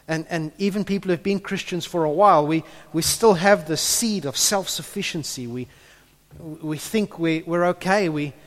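A man preaching a sermon, earnest, building to loud impassioned peaks and repeating his words as he goes. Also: high-pitched. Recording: echoey hall with long reverb.

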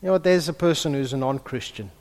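A man's voice: fairly high pitch, fast talker. Man preaching in an echoing hall. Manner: hushed in prayer, then lively and emphatic preaching. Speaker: pastor. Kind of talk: prayer and sermon. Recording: long reverb of a large hall.

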